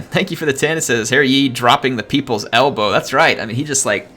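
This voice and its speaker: A man streaming live gameplay, chatting in a loose, excitable way, explaining mechanics and thanking viewers. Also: mid-range voice, brisk, few pauses, faint music behind. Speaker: gaming streamer.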